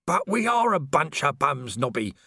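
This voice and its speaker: A man's voice: fairly high pitch, big pitch swings, normal speed, creaky, bright, forceful tone, no room sound, clean studio sound, voice pushed up, exaggerated voice. A man voicing an earnest constable who insistently coaches others in protest chants. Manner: insistent, instructive, rhythmic. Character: earnest male constable, eager union organiser.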